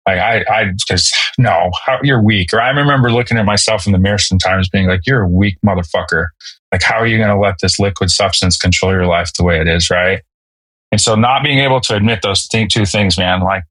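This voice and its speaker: A man, a military veteran guest on a podcast, telling his story in a casual, halting way with many fillers and restarts. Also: lowish voice, fairly bright tone, no echo, poor audio. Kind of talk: candid personal storytelling.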